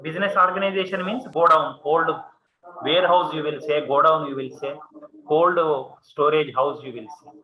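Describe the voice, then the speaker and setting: A man's voice: fairly high pitch, fairly even intonation, normal speed. A man with an Indian English accent lecturing a classroom on commerce, repeating points and checking in with "okay" and "see". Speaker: commerce teacher. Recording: muffled classroom recording with students.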